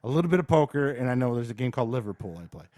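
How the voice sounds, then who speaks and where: A man's voice: medium pitch, expressive, racing, darkish tone, dry recording, studio quality. A man co-hosting a podcast, telling a story in a worked-up, cursing way. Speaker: podcast co-host. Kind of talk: casual chat.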